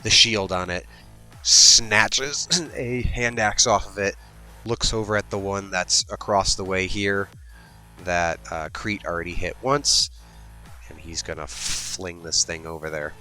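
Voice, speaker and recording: A man playing a tabletop game, slowly describing his character's actions with many hesitations. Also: low-pitched, steady tone, bright, forceful tone, soft background music. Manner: slow, rambling, hesitant, with many ums. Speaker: player.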